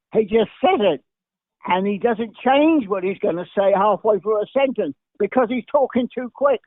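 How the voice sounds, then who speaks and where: The audio is dry and tinny, like a phone call, carrying an older man from England whose voice sits high. As a guest he storytells animatedly and very quickly, jumping from one tale to the next, stumbling, and restarting.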